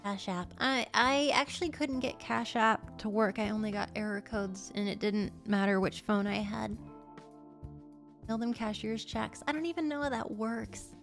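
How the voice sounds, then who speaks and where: A woman streaming casually, bubbly and excitable, gasping and chatting to her viewers. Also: a little high, normal speed, soft background music. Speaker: livestreamer. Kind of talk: casual livestream chat.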